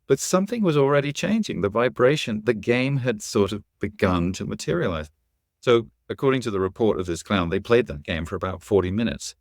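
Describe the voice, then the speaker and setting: Middle-aged man, podcast guest; deep, animated storyteller with a dry, close sound. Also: fairly quick, no echo. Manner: animated, acts out quoted voices. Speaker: guest, actor and educator.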